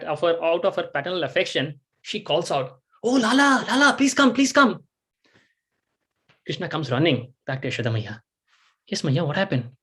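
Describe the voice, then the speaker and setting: A man giving a devotional storytelling talk, animated and acting out the scenes he tells. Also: fairly high pitch. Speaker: devotional speaker.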